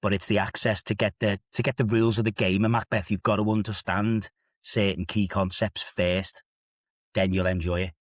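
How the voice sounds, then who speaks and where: This podcast discussion features a fifties-aged assistant head teacher from England with a Liverpool accent, telling stories punctuated by emphatic rhetorical asides. He speaks in a lowish, level tone at an ordinary pace, captured in studio quality without echo.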